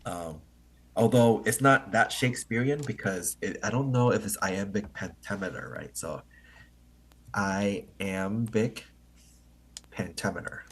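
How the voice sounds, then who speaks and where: A man hosts an online English meeting, explaining poetry to learners in a halting, think-aloud way and often checking in with "right?". His voice is on the low side with a breathy edge.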